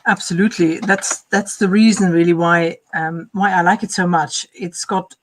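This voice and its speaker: A woman's voice: lowish voice, steady tone, normal speed. A woman photographer as livestream guest, explaining her craft thoughtfully with some hesitation. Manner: thoughtful, slightly hesitant with fillers. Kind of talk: casual interview answers.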